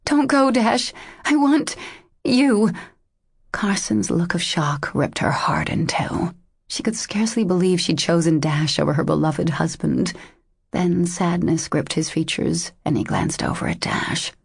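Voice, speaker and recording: A woman narrating a romance audiobook in a steady, measured way. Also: sits low, creaky, slightly rough, no echo, studio quality. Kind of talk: scripted narration.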